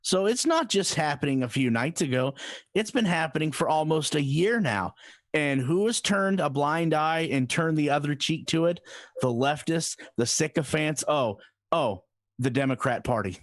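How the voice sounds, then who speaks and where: A man's voice: fairly high pitch, lively intonation, normal speed, no room sound, clean studio sound. A man co-hosting a political talk show, talking in a heated, ranting way. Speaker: co-host.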